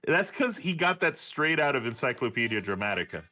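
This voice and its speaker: Man, 40s, bright tone, profane rambling chatter. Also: mid-range voice, big pitch swings, brisk. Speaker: streamer talking with a friend. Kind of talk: casual chat.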